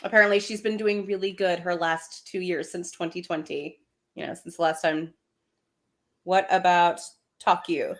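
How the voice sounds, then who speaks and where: A woman's voice: lowish voice, fairly even intonation, moderate pace, fairly bright tone. A woman co-hosting a live-streamed podcast, reading viewer comments aloud and laughing easily. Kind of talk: casual live-stream chat.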